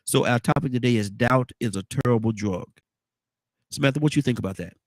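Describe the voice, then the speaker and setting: A man with a congested baritone voice hosting a morning talk show. He rambles easily, repeating words and restarting sentences. The sound is dry and close, with no room around it. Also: brisk, no echo. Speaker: radio show host.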